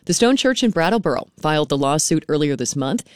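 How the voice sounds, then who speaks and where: A woman hosting local public radio news in a steady, clear announcer delivery. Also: sits low, brisk, no echo, clean studio sound. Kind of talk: local newscast and station announcements.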